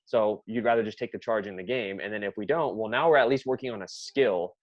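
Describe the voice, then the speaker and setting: A man co-hosting a casual podcast, talking shop as a basketball coach. His voice sits slightly low, and the lo-fi recording sounds dull and dry. He tells his stories with animated reenactments of what his players said. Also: fast talker, no room sound. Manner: storytelling, acts out players' reactions.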